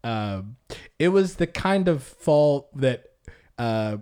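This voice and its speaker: A man's voice: medium pitch, takes it slowly, clean tone. A man hosting a casual podcast chat, joking and acting out quotes. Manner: animated, jokey, acts out quotes. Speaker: podcast host.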